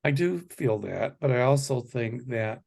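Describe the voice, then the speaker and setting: A man hosting a psychic chat show, talking casually and stressing his points in slow, deliberate lists. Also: mid-range voice, expressive, creaky, darkish tone, husky. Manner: deliberate, emphatic listing of words. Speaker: psychic host.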